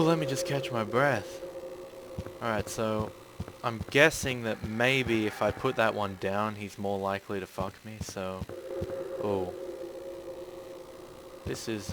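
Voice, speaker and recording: Playing a horror game, a fairly low-pitched gaming channel host keeps up casual, chatty commentary full of swearing. When something startles him he bursts into loud yelps, and background noise is clearly audible.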